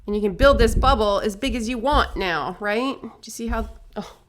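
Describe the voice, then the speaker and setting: A woman's voice: a little high, moderate pace, a bit bright, a little hiss or hum. Chatty upbeat woman teaching face painting. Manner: chatty, upbeat, self-amused, many asides and tag questions. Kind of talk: casual tutorial demonstration.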